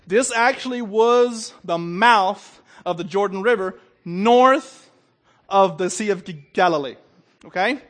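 A man preaches a sermon, stumbling and repeating the opening sounds of words while constantly checking in with "okay?" He swings between loud, emphatic bursts and quiet, low asides.

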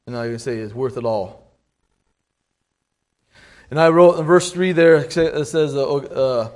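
A middle-aged lay preacher with a voice on the high side gives an informal sermon, halting and repeating words and clearing his throat often. He reads scripture aloud in old-fashioned King James wording.

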